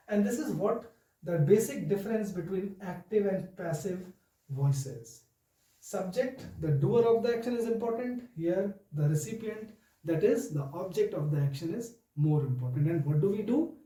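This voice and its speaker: A man teaching a grammar lesson to children, speaking slowly and deliberately and often addressing them directly. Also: high-pitched, mellow, reverberant, recorded from a distance, rough recording.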